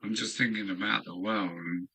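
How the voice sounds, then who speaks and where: A man's voice: lowish voice, fairly even intonation, normal speed, sharp tone, husky, rough recording. An older man from England, musing aloud to himself in a rambling live-stream chat from his home hobby room. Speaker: model railway streamer.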